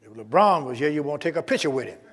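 Male pastor, fairly high voice, emphatic sermon, calls out to the congregation, echoing church hall. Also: lively intonation, quick pace. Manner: emphatic preaching with call-and-response to the congregation.

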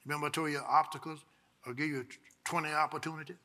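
A man, preaching a sermon with call-and-response, moving between quiet Bible teaching and loud exhortation. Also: fairly high pitch, fairly even intonation, fast. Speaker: pastor.

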